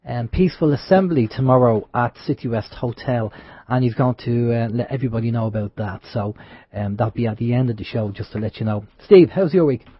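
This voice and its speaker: A man hosts an internet radio show and talks quickly in a brisk, casual way. His voice is a little husky. The sound is dry and dull, like a lo-fi stream. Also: mid-range voice, no echo.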